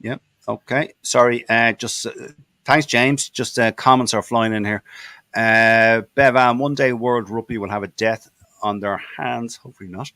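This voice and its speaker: A man's voice: medium pitch, fairly even intonation, pushed and bright, dry recording. Irish man hosting, reading out comments. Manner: halting, many fillers and restarts. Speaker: podcast host. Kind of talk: casual chat, reading viewer comments.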